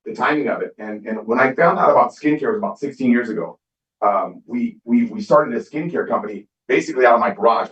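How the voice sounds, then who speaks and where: A middle-aged man giving a motivational business talk on stage, telling stories and acting out quoted dialogue. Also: lowish voice. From Southern California. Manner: storytelling, acts out quoted dialogue. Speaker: skincare business speaker. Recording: distant, echoey, dull hall recording.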